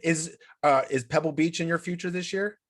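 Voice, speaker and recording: A man's voice: fairly high pitch, normal speed. A man hosting a podcast, asking short questions and reacting to his guest. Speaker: podcast host. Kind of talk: casual chat.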